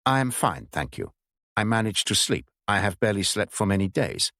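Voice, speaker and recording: A man's voice: fairly low pitch, very animated, moderate pace, pushed and bright, no room sound, exaggerated voice. Man putting on a german spy, broken stiff english, german accent, dry close mic. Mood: stiff, offhand. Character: rude German spy man posing as Dutch.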